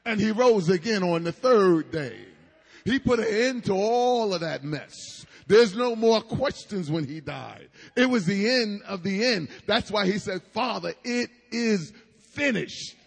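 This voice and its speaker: A man's voice: high voice, expressive, unhurried, creaky, breathy edge, in a large hall. A man preaching a sermon with emphatic cadence and asides to the congregation.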